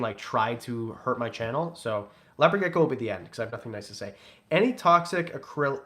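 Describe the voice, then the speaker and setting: A man's voice: mid-range voice, fairly bright tone. A man hosting a casual livestream, reading super chats and teasing in a joking, rambling way. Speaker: livestream host.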